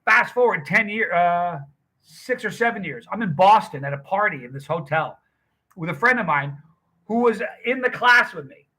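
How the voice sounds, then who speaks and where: A man's voice: high voice, animated, moderate pace, bright, forceful tone. A middle-aged man hosting a livestream, chatting casually with viewers and rambling through a story. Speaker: livestream host. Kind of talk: casual chat with live viewers.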